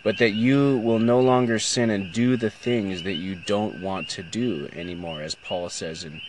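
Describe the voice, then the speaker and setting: Slow, low-voiced man reflecting. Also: steady tone, noisy background. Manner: thoughtful, moved, hesitant. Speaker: Christian speaker. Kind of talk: reading aloud and reflecting.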